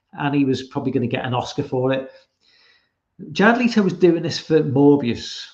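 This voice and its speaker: A man hosts a loose livestream podcast in an ordinary mid-pitched voice. He rambles, restarts his sentences and swears freely. The recording sounds a little dull and lo-fi. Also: a little mellow. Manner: rambling, sweary, full of fillers. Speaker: podcast host. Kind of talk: casual livestream chat.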